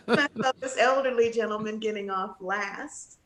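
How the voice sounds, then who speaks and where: A woman, a guest vocalist, telling a lively story over a video call and acting out the people she quotes. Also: mid-range voice, slow pace, echoey room, a little hiss or hum. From United States, Texas and California. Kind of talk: storytelling in casual interview.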